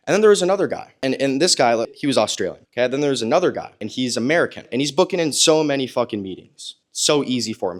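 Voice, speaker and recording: A man's voice: medium pitch, animated, quick pace, few pauses. A man giving a blunt, profane business coaching talk. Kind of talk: coaching monologue.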